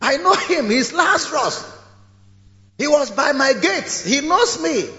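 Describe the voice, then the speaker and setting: A man voicing a desperate rich man in torment, shouting high and pleading across a gulf during a sermon. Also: very animated, slow pace, full character voice. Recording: echoey hall, dull lo-fi sound.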